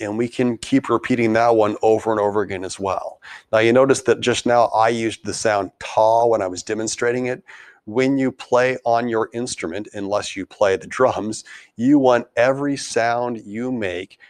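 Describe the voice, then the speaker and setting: A man's voice: fairly low pitch, steady tone, normal speed, dry recording. A man teaching a beginner band lesson, explaining tonguing and foot tapping and counting rhythm syllables aloud. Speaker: music teacher.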